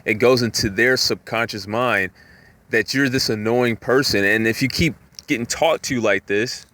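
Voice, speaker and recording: A man talking in a rambling, casual monologue, full of "you know" fillers, sometimes jumping up in pitch to act out voices. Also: moderate pace, bright, forceful tone, dry recording. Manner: acts out voices with jumps in pitch.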